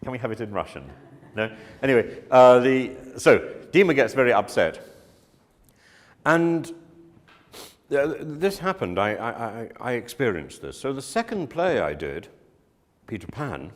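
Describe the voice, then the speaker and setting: A man teaches a room of students at a slow, deliberate pace, his slightly low voice rising and falling in lively swoops. He acts out the things people say with sudden emphasis. The recording carries a long reverb, as in a large hall. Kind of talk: talk to students on directing and teaching.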